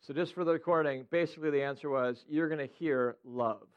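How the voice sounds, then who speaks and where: A man leading an informal sermon-style teaching for a prayer group, animated and playful, asking the group questions. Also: a little high, fairly quick, smooth, muffled recording.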